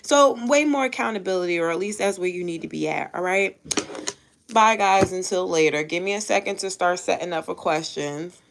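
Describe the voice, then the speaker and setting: A woman's voice: fairly low pitch, a little fast, gravelly, slight background noise. A woman tarot reader, chatting casually and bluntly on a live stream at home and swearing freely. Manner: blunt, swears freely, talks to family off-mic. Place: home room.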